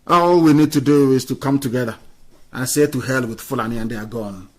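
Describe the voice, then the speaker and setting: A man delivering an impassioned political radio address, scornful and fiery, swinging between loud outbursts and quiet asides. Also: mid-range voice, fairly quick. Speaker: radio broadcaster.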